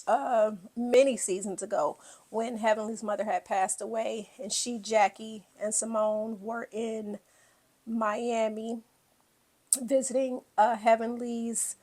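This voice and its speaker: Taking it slowly in a somewhat high voice, a woman bluntly recaps a reality show with plenty of profanity. She's animated and performs people's quotes.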